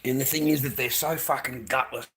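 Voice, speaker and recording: In a low-quality recording with a little hiss or hum, an Australian man speaks fairly quickly in a medium-pitched, fairly bright voice with fairly even intonation. He rants bluntly to camera, repeating himself and ending phrases with "mate".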